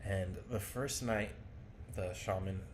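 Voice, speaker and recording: A man with a fairly low voice tells his life story in a loose, conversational way, wandering between asides and self-deprecating remarks. A faint ambient hum sits behind him. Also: takes it slowly. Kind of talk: candid personal storytelling.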